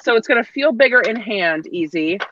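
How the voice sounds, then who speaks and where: A woman's voice: fairly high pitch, animated, normal speed, a bit bright, a little hiss or hum. Chatty woman with a dull lo-fi sound. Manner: chatty and enthusiastic, teasing. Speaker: co-host of a tech live stream. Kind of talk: casual chat.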